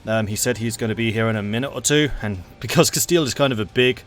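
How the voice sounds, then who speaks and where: Speaking quickly in a medium-pitched voice, this male host keeps up chatty, excited commentary on a multiplayer strategy game stream, laughing easily along the way.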